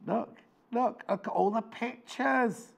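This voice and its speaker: A man's voice: very high voice, takes it slowly, gravelly. A man presenting on a live shopping channel, chatting with enthusiasm and jokes. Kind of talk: live TV sales chat. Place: TV studio.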